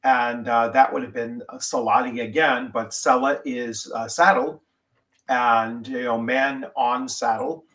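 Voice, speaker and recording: A man's voice: medium pitch, fairly even intonation, a little slow, bright, forceful tone. A man with a mid-range voice chatting casually on a podcast. He wanders through his thoughts, stopping often for "uh" and "you know" as he explains. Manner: meandering, with many "uh" and "you know" fillers. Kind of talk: casual chat.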